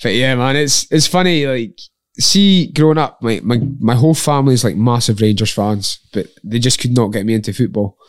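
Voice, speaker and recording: A man's voice: mid-range voice, a little fast, no room sound, studio quality. A Scottish man, a podcast guest who fights and coaches MMA, telling stories in a casual chat, laughing often and acting out the people in them. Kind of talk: casual chat, lively storytelling.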